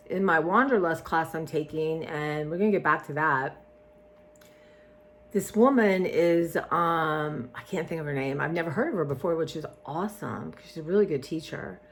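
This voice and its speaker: A woman chatting casually to her viewers, meandering with lots of ums and restarts. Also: on the low side. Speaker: vlogger. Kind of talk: casual rambling chat to viewers.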